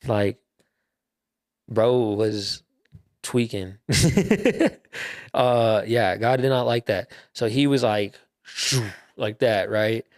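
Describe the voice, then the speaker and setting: A man's voice: fairly low pitch, drawn-out words, pauses often, darkish tone, no echo, clean studio sound. A young man hosting a podcast, casually retelling a Bible story in loose slang with laughs and fillers. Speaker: podcast host.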